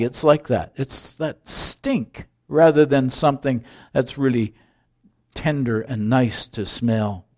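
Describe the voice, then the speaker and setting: A man preaching a sermon, reading scripture and telling stories in a measured, deliberate way. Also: a little high, darkish tone. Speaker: pastor.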